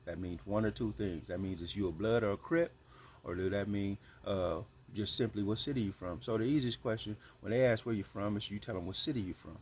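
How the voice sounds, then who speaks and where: A man's voice: fairly low pitch, fairly quick, slight background noise. A man hosting his channel, giving earnest, slangy advice in a casual monologue. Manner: earnest, slangy, repeats points.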